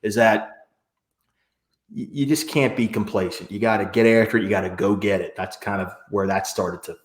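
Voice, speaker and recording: Animated man telling stories in an echoey room. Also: fairly low pitch, normal speed. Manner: animated storyteller who acts out quotes in other voices. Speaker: podcast guest. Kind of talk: conversational interview storytelling. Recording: roomy echo.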